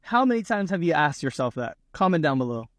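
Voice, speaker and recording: A man's voice: a little high, big pitch swings, quick pace, a bit bright, no room sound, clean studio sound. A man giving blunt, numbered dating tips in a casual way. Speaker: dating advice speaker. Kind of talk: casual advice to camera.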